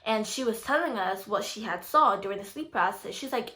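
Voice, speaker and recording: A woman in her twenties telling a story to camera in a casual vlog, full of "like" and "you know," and animated when she acts out what her family said. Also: mid-range voice, a little fast, few pauses. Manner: animated, voices the quoted family with rising excitement. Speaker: YouTuber.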